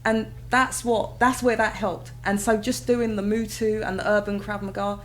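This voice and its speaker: A British woman, a mother, telling her own story in a casual interview, lively and expressive, often acting out her past reactions. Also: mid-range voice, normal speed, faint music behind. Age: adult with children. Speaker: guest.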